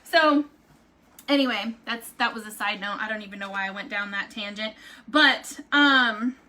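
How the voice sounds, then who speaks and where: A middle-aged woman, chatting casually to camera in a rambling, animated way. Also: mid-range voice, normal speed. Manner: chatty, rambling, animated, says "like" and "right?" a lot. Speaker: vlogger.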